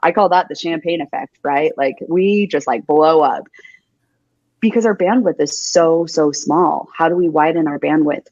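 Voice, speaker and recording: A blunt, emphatic young woman speaks with a low, deep voice, swearing freely and hammering her points home with repetition. The sound is dry and close, with a slightly dull, muffled tone. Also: creaky, a little mellow, no echo. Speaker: podcast guest, paramedic. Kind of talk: candid interview talk.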